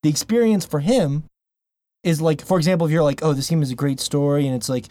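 A man's voice: a little high, fast, warm tone. A man co-hosting a casual gaming podcast, rambling and laughing, often restarting his sentences. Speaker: podcast co-host. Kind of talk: casual chat.

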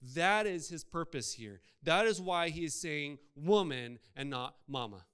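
A male pastor delivers a sermon in a smooth, resonant voice set a little high for a man. He talks in a conversational way and keeps putting rhetorical questions to the congregation. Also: lively intonation, unhurried, fairly bright tone.

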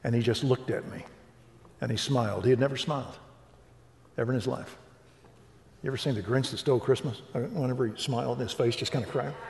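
An older man who tells his faith story in an animated preaching style, acting out the dialogue. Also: medium pitch, fairly quick, vocal fry, pauses often. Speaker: Christian speaker. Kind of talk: preaching testimony. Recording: reverberant hall.

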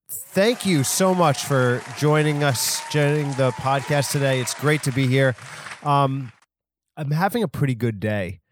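A man's voice: medium pitch, no echo, clean studio sound. A man hosting his own podcast alone, rambling in a casual, crude, self-deprecating way with lots of fillers and restarts. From half Hispanic. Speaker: podcast host.

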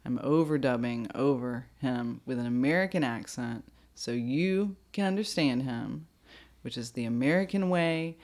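A woman with a notably low voice hosts a loose podcast chat. She giggles, rambles and trails off as she teases her co-host. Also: normal speed, a little mellow. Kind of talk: casual chat.

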